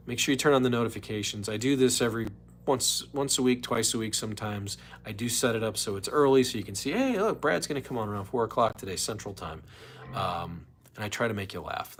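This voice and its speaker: This middle-aged livestream host talks from home on his own, joking and wandering off topic as he addresses his audience directly. He has a lowish voice with a fairly bright tone, and there's a slight hiss or hum.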